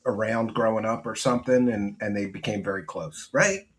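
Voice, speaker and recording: A man's voice: on the low side, fairly even intonation, normal speed. A man hosting a casual panel, gossiping with lots of fillers and laughter. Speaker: panel host.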